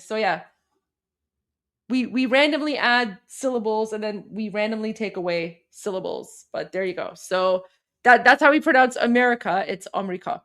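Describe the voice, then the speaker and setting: A woman from Iran talks casually through political news, reacting to clips and viewer comments as she goes. Her voice sits slightly high, with a chatty, animated, unscripted flow.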